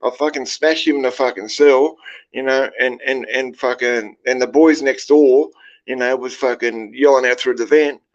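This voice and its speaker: A man's voice: medium pitch, steady tone, normal speed, lo-fi sound. An Australian man hosting a livestream, telling prison stories to his chat in a rambling, foul-mouthed way and constantly tagging his sentences with "right?". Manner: heavy swearing, rambling, keeps checking in with "right?". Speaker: livestream host. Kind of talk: casual storytelling to a live chat.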